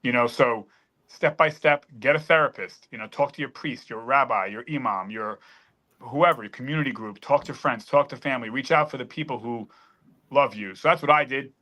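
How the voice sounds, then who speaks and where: Choked-up man with a bright voice. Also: mid-range voice, a little fast. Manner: earnest, choked up, emphatic. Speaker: panel guest. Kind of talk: emotional personal story.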